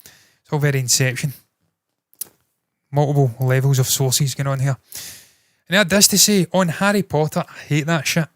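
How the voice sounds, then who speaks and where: A man's voice: medium pitch, steady tone, normal speed, long pauses, a bit bright, no echo, clean studio sound. A man hosting an entertainment news show, giving casual, opinionated commentary. He swears freely and thinks aloud, correcting himself as he goes.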